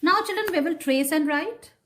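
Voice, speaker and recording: A woman teaching phonics to kindergarten children, sounding out letters slowly and repeating each word. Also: sits high, a bit bright. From India. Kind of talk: slow, sing-song phonics lesson for young children.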